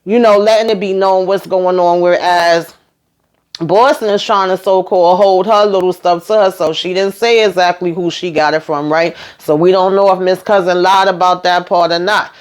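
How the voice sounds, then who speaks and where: A woman's voice: lowish voice, steady tone, normal speed, clean tone. A woman hosting a reality show recap, giving sassy, opinionated commentary in a chatty, casual way.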